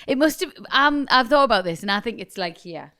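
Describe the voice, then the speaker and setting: A young woman co-hosts a podcast and reads a listener's story aloud. Her voice sits a little high and moves a lot in pitch as she lays on the drama. The sound is dry and close, with no room around it. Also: fairly quick, no echo. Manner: expressive, laughs often. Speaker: podcast co-host. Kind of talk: casual chat, reading a listener story aloud.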